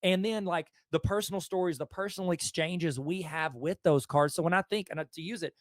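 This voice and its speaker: A man with a Southern US accent and a fairly high voice talks as a host in easygoing chat. He tells stories with enthusiasm. The sound is close and dry, with no room around it. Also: fairly quick, no echo. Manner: enthusiastic storytelling. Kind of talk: casual conversation.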